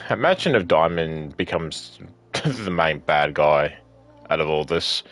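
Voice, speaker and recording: Deep-voiced man streaming a game. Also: takes it slowly, a bit bright. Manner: reads game text aloud, jokes, swears, laughs. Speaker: streamer playing a story game. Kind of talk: casual gameplay commentary and reading dialogue aloud.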